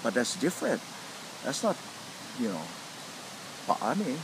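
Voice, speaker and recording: This middle-aged man talks a little slowly in a mid-range voice, his Hawaiian Pidgin English accent clear despite the noisy background. A lomi lomi practitioner, he spins stories during an interview, animated and acting out quoted voices.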